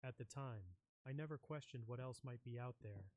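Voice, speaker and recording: A man reading a scripted first-person horror story in a measured, ominous way. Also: medium pitch, darkish tone, no echo. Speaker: narrator. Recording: noisy background with clicks.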